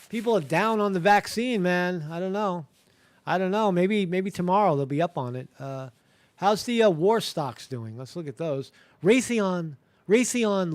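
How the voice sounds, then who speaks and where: High-voiced man rambling through market news. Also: no echo. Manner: rambling, filler-heavy, blunt and sarcastic. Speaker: live show host. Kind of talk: casual live-stream market commentary.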